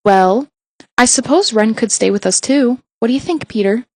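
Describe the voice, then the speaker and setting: A woman's voice: on the high side, normal speed, no room sound, clean studio sound. A woman voicing a doting middle-aged mother who gushes over her elder daughter. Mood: gushing. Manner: gushing, bright exclamations.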